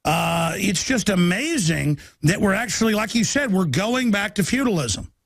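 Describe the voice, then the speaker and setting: A male talk-radio host who talks in quick bursts, then stretches his words out slowly and stumbles over restarts. His voice sits a little high for a man. The sound is dry and close-miked. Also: lively intonation, creaky, no echo. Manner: rapid bursts that slow into drawn-out phrases, halting restarts. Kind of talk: radio talk show discussion.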